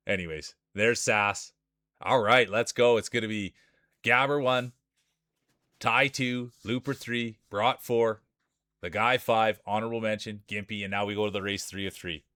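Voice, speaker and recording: A man streams live, calling marble races like a sports announcer and tossing chatty asides to his viewers. His voice is lowish and a bit bright, recorded with studio quality and no room sound.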